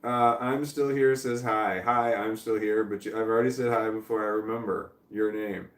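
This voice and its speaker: Guy rambling on his livestream, laughs at himself, kinda low voice, sounds far off in a roomy space. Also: level tone, normal speed. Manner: rambling, self-deprecating, reads chat aloud. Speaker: livestream host. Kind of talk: casual livestream chat. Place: indoor room, seated in a creaky chair.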